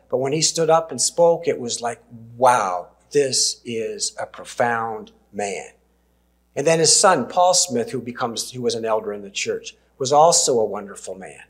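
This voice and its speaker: Canadian preacher in his sixties. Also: mid-range voice. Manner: warm storytelling with gentle laughs and emphatic pauses. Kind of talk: sermon with personal stories.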